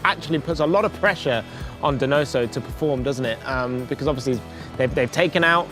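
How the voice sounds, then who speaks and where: A man's voice: mid-range voice, brisk, music in the background. A man giving casual analysis as a pundit, hesitant and full of fillers.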